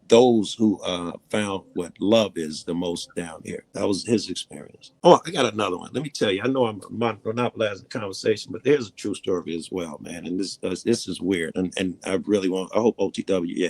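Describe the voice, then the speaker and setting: Low-voiced man telling rambling profane stories. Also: dry recording. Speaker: guest storyteller. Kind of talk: casual storytelling.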